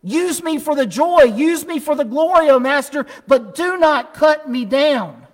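A noble, devoted bamboo, as a preacher puts him on, pleads in a slow, trembling voice that sits high. The words hang in a long, ringing church reverb. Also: male voice, steady tone, darkish tone. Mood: pleading.

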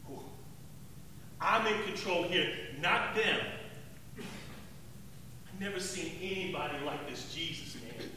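Barabbas, as a man plays him: tough, bright-voiced zealot. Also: a little high, lively intonation, slow pace, long pauses, slight background noise, exaggerated voice. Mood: solemn. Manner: street-tough, emphatic, repeats words. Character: rough, remorseful male zealot recalling the crucifixion. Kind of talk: dramatic first-person monologue. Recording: echoey hall, distant mic, faint ambience.

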